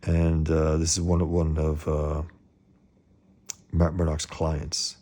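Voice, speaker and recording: A man giving casual, opinionated commentary on comics, often halting and restarting as he wanders off topic. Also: a bass voice, completely flat delivery, dark tone.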